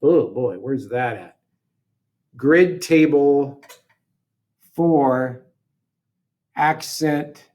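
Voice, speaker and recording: A man teaching a software lesson, talking through each step aloud in a casual way and correcting himself as he goes. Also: mid-range voice, drawn-out words, pauses often. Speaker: instructor. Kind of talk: screen-recorded software tutorial.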